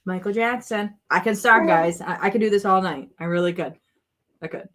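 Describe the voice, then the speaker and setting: A woman's voice: mid-range voice, moderate pace, fairly bright tone. A woman talks through a home crafting session in a loose, rambling way. She chats straight to her viewers and drifts off topic easily. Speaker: crafting vlog host. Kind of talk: casual chat while crafting.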